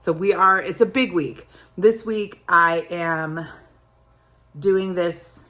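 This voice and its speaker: A young woman holds a candid, chatty chat with her viewers, rambling a little as she goes. Her voice sits slightly low for a woman, relaxed and conversational. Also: slow. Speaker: vlogger. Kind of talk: casual chat.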